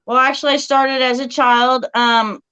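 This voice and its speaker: A woman with a soft country twang from Southern Illinois, speaking a little higher than most. She chats easily as a guest, with frequent laughter. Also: level tone, moderate pace, smooth, lo-fi sound. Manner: friendly, laughs often. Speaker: guest model. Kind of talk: casual interview chat.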